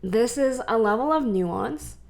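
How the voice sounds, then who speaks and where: A young adult woman from the US West Coast, co-hosting a podcast in casual chat, animated and laughing between points. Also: on the high side, unhurried, gravelly. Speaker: podcast co-host.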